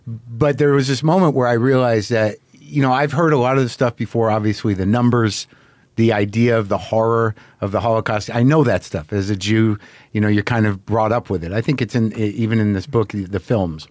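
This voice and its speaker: A man's voice: lowish voice, steady tone, brisk, darkish tone, dry recording. A man hosting a casual interview, rambling with lots of restarts and swearing. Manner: rambling, frequent restarts, profane. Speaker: podcast host.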